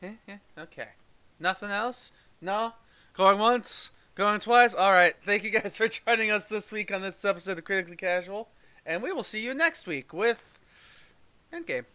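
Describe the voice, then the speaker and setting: A man's voice: high-pitched, animated, normal speed, sharp tone. A man co-hosting a casual live-streamed review show, chatting loosely and laughing between lines. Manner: chatty, laughs often, rambling sign-off. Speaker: podcast co-host. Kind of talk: casual chat.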